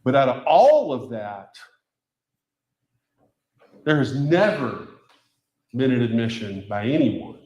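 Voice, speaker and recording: A man's voice: medium pitch, very animated, slow pace, long pauses, a little mellow, muffled recording. Emphatic male defense attorney, echoey courtroom. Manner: emphatic, rhetorical questions to the jury. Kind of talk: courtroom closing argument.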